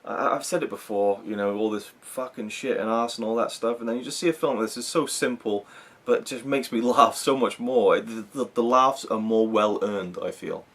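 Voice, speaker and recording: A man's voice: on the low side, normal speed, a bit bright. A man co-hosting a film review, chatting casually and enthusiastically, rambling with many restarts. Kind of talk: casual chat.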